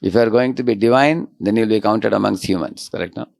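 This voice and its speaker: A man giving a devotional lecture, often checking in with his audience with quick rhetorical questions. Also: fairly low pitch, gravelly, a little mellow, no echo. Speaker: spiritual lecturer.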